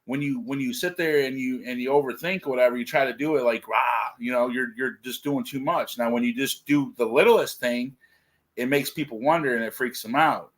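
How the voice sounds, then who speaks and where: A man's voice: mid-range voice, fairly quick. A man chatting casually on a livestream, rambling and leaning on "like" and "dude". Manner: rambling, filler-heavy, says "like" and "dude" often. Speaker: co-host.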